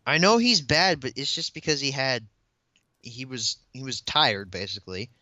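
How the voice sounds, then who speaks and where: A man's voice: mid-range voice, normal speed, sharp tone, no echo. A young man guesting on a casual podcast, giving opinionated rants. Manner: opinionated, ranting. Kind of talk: casual chat. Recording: dull, lo-fi dry sound.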